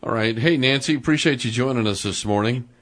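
A man's voice: medium pitch, fairly quick, fairly bright tone. A man hosting morning radio, talking in a loose, folksy way with lots of fillers. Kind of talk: casual radio interview.

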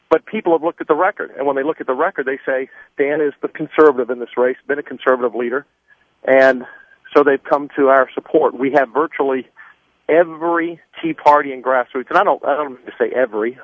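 A man's voice: mid-range voice, no room sound. A man in his sixties, out of breath, phoning into a radio show as a political candidate and rattling off figures insistently while walking. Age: 60s. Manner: brisk, number-heavy, insistent. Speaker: political candidate, phone-in guest. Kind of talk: campaign talk on a radio call-in. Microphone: mobile phone while walking. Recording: tinny phone line, dry.

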